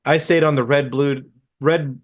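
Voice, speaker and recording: A man's voice: on the high side, fairly even intonation, unhurried. A man co-hosting a casual tech podcast, cracking sarcastic jokes. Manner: joking, sarcastic. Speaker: podcast co-host. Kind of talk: casual chat.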